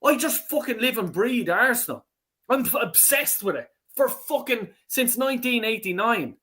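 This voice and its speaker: A man's voice: very high voice, expressive, normal speed, bright, forceful tone. A man hosting a fan talk show, ranting angrily with lots of swearing and stumbling restarts. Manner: angry, sweary, stammering restarts. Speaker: fan channel host. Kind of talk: ranting podcast chat.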